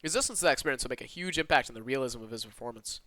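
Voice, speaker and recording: A man with a slight Southern US twang, streaming from his own room and reading a visual novel aloud with animated asides. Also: mid-range voice, no echo. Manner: animated and expressive, with quick asides to chat.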